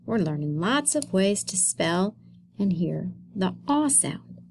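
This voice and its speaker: Woman teacher, phonics video for kids; slow, patient, encouraging, close mic. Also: mid-range voice, very animated, darkish tone, a little hiss or hum. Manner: slow, encouraging, sounds words out for young kids. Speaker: elementary school teacher. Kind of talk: recorded phonics lesson for children.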